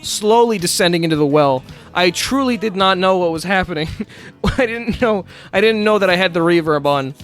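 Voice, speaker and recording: A man's voice: sits high, animated, moderate pace, fairly bright tone, faint music behind. A man streaming live, chatting casually, laughing often and swearing as he rambles.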